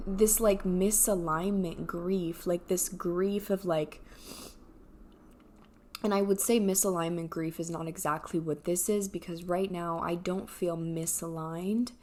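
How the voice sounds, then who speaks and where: A woman in her twenties talking in a reflective personal vlog, soft-spoken and halting with many fillers, emotional and near tears. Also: lowish voice. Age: 20s. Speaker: vlogger.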